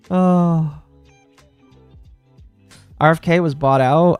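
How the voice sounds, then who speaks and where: A man from Texas streaming live, chatting casually with his audience in a rambling, excitable way that tips into rants. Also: on the high side, clean tone, no echo, faint music behind. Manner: rambling, excitable, quick to rant.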